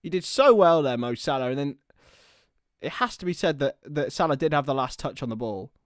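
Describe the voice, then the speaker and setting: A young man giving live partisan football commentary on a watchalong stream, excitable and prone to shouting. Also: fairly high pitch, brisk, no room sound, studio quality.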